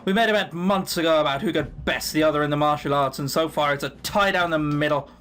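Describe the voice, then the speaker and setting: A man voicing a big, blunt male hunter who grumbles in a gruff way. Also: fairly high pitch, fast, fairly bright tone, a little hiss or hum, voice pushed down, close to an everyday voice. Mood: grumbling.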